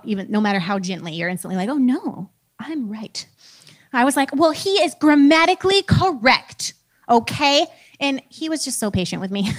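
A woman's voice: mid-range voice, creaky, a bit bright. A woman in her thirties, a preacher and teacher, giving a casual, conversational talk with a self-deprecating manner.

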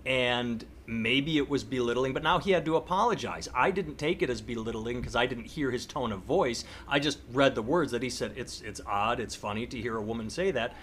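A man's voice: medium pitch, fairly quick, few pauses, fairly bright tone, slight background noise. A man hosting a casual podcast chat, talking animatedly and acting out outraged voices. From United States. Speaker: podcast host.

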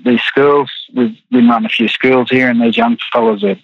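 A man's voice: mid-range voice, sing-song, normal speed, creaky, slightly rough, no room sound, highs cut off. An Australian man, a rodeo rider, chatting in an interview in a laid-back, rambling way full of restarts. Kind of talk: casual interview chat.

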